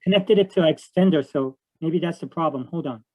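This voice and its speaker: A man joining an interview over a remote call, talking in a hesitant, halting way. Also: on the high side, a little hiss or hum, rough recording. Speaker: guest musician. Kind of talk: casual interview.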